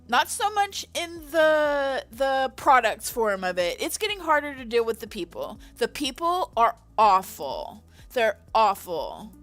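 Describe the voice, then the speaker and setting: Woman, fairly high voice, profane exasperated venting, livestream chat, faint music behind. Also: fairly bright tone. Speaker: livestreamer and virtual designer.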